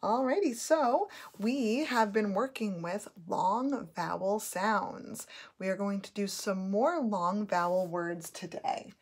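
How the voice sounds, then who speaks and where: A woman's voice: mid-range voice, slow pace. A woman teaching a phonics lesson, sounding out letters and words patiently for children to repeat.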